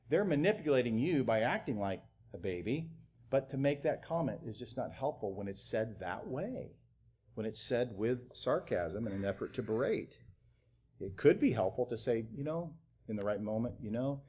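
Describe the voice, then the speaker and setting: A young adult man delivers a sermon with a lively, swooping pitch. He breaks into mocking acted-out quotes of parents between his points. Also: breathy edge. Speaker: pastor.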